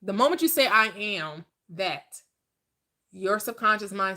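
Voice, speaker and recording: Sing-song, pushed, and bright, this woman's mid-range voice moves at a moderate pace. She's a spiritual teacher preaching about manifestation, driving her points home emphatically and repetitively while asking and answering her own questions.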